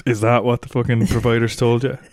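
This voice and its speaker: A man's voice: medium pitch, little pitch movement, brisk, darkish tone, no echo, studio quality. A man in his thirties co-hosting a podcast, joking and swearing in casual chat. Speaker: podcast co-host.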